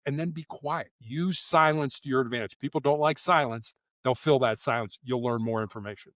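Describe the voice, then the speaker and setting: A man, a former SWAT officer, answering interview questions in an animated storytelling way and acting out quoted lines in voices. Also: fairly high pitch, a little fast, no echo, clean studio sound.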